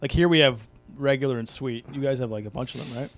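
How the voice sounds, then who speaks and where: Male panelist, mid voice, quick and interjecting. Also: mid-range voice. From Canada. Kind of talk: casual podcast chat.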